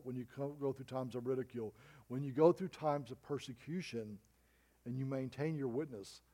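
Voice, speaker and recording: A man's voice: mid-range voice, mellow. A middle-aged man preaching a sermon as pastor, telling a story with emphatic rises and drops.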